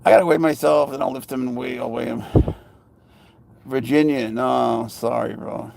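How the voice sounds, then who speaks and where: A man's voice: medium pitch, fairly even intonation, moderate pace, gravelly, crowd noise. A man live-streaming outdoors on a phone, chatting in a rambling, casual way and coaxing his cat along in baby talk. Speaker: pet owner live-streaming. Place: outdoors, walking near a parked car.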